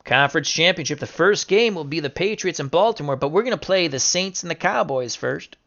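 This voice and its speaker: A man giving casual play-by-play commentary on simulated football games, excitable and bursting into shouts over big upsets. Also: on the high side, a little fast, gravelly, dull audio. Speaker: video game sim commentator.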